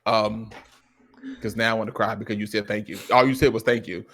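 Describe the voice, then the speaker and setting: A man in a casual, heartfelt chat, talking with lively emotion and frequent restarts. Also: on the low side, a little fast. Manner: animated, emotional, lots of restarts and quoted dialogue. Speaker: streamer.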